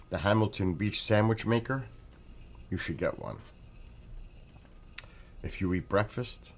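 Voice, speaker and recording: A man with a deep, low voice talks in a loose, rambling vlog at home. He raves with enthusiasm and circles back to the same points again and again. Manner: enthusiastic, rambling, repeats himself. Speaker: vlogger. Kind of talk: casual chat.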